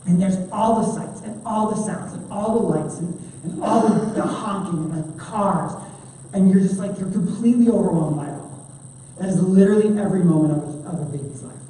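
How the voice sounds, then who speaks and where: A woman giving an animated conference training talk to children's ministry volunteers, chatty and full of fillers. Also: mid-range voice, brisk, a little hiss or hum. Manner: chatty, animated, many fillers, acts out quotes. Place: large church hall. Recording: echoey hall from far off.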